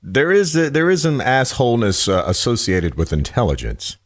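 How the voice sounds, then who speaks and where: A man's voice: medium pitch, wildly swooping pitch, moderate pace, no echo, clean studio sound. A man, co-hosting a podcast in casual chat, teasing the others in a laid-back way. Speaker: podcast co-host.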